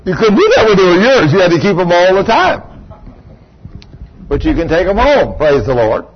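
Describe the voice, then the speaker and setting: A man's voice: sits high, moderate pace, husky. An older man preaching a sermon, telling stories and acting out the voices in them. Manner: animated storytelling, acting out voices. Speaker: pastor. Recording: dull lo-fi recording.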